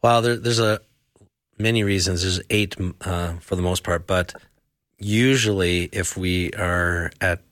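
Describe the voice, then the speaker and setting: A man with a notably low voice speaks as a health practitioner on a radio talk show. He explains things step by step, stopping often for fillers and restarts. The sound is dry, with no room echo. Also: fairly even intonation, measured pace, a bit bright. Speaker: health practitioner answering listener questions.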